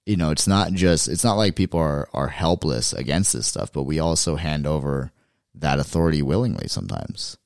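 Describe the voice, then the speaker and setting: A man hosting a podcast, talking in a relaxed, reflective way with loose, filler-filled phrasing. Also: rumbling low, fairly quick, creaky, no echo, clean studio sound. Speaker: podcast host. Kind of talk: casual conversation.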